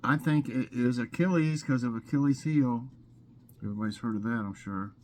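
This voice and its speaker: A man hosting a casual vlog, reading trivia questions aloud and thinking out loud with fillers. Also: mid-range voice, normal speed. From Scotland. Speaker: vlog host.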